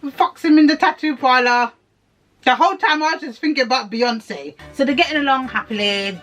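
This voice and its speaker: A young woman recapping and reviewing a TV series in a casual, sarcastic rant full of swearing and animated outbursts. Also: sits high, normal speed.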